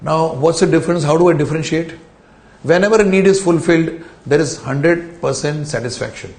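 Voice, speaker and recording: A man with a slightly high, darkish voice lectures briskly to a camera in an indoor room, and the sound is reverberant. He explains ideas through rhetorical questions and repeated key phrases.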